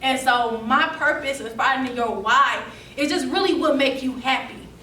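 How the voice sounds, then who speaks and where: A woman's voice: high voice, moderate pace, pushed and bright, a little hiss or hum. A young woman, telling her story as a seminar speaker, emotional and laughing as she goes. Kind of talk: motivational storytelling. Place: seminar room. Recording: echoey room, mic from a distance.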